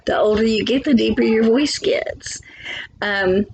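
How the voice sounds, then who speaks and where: A woman's voice: on the high side, measured pace, vocal fry, background noise. A woman teacher giving a biology lesson from home, chatty, thinking aloud and asking for agreement.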